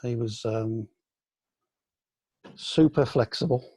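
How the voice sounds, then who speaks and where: An older man from the UK, a senior aikido teacher, reminiscing in a relaxed online question-and-answer session, with many ums and restarts. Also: mid-range voice, takes it slowly, husky, no room sound. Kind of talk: casual online Q&A. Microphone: video call.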